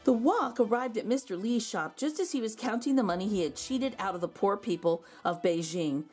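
A woman reading a children's picture book aloud, expressive with gentle asides. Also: mid-range voice, fairly quick, slightly rough, faint music behind.

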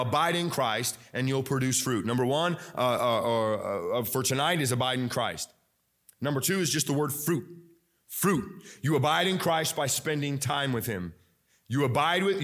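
A man's voice: mid-range voice, a bit bright. A young male pastor preaching a sermon in a church, restarting often, with many fillers and restarts. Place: church sanctuary.

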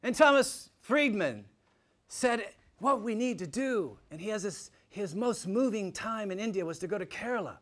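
A man giving a public lecture to a live audience, animated and emphatic, swinging from loud points to hushed asides. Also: sits high, moderate pace. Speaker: guest lecturer.

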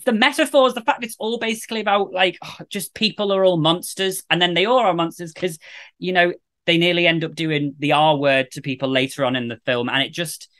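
A man's voice: high voice, fairly even intonation, fairly quick, fairly bright tone. A man hosting a podcast, chatting in a casual, jokey, rambling way with lots of enthusiasm. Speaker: podcast host.

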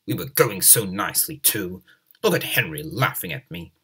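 A man doing a pompous, rude big steam engine from a storybook, boastful and full of himself, with a husky edge and a voice that swings up and down a lot. Lively and proud. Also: sits low, normal speed, distant mic, pitched below the performer's own voice, heavily acted. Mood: dismayed.

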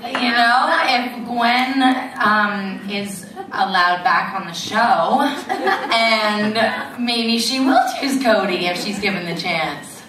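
A woman's voice: mid-range voice, slow, a crowd in the background. A woman, a voice actress on a panel, answering a fan question in a coy, teasing way. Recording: echoey hall from far off, noisy.

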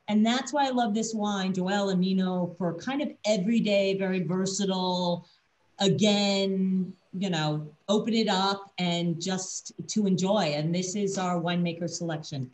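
A woman's voice: mid-range voice, rough recording. A woman from a winery presenting a wine tasting over a video call, explaining grapes and vintages enthusiastically. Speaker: winery representative.

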